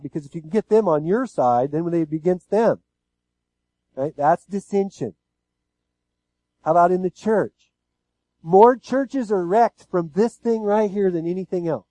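A man's voice: high-pitched, a little mellow, dry recording, rough recording. A pastor giving a sermon, speaking casually and asking his listeners one rhetorical question after another. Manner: conversational preaching with frequent rhetorical questions.

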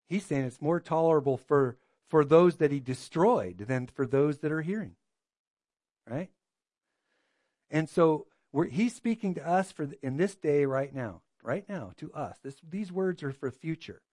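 A man's voice: on the high side, animated, unhurried, a little mellow, no room sound. A man preaching a sermon as a pastor, earnest and full of rhetorical questions.

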